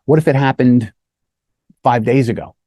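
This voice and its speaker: A man's voice: medium pitch, normal speed, mellow, dry recording, studio quality. A man who is a police lieutenant, teaching interview skills in a casual, conversational way and often checking in with "right?". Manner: conversational, keeps asking "right?" to the listener; acts out short quoted lines of officers and children. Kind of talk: casual instructional talk.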